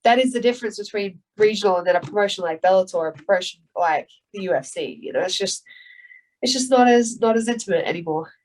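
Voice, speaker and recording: A woman's voice: medium pitch, quick pace, a little mellow, poor audio. An Australian woman in her thirties chatting casually in an interview, swearing freely and laughing easily. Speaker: guest fighter.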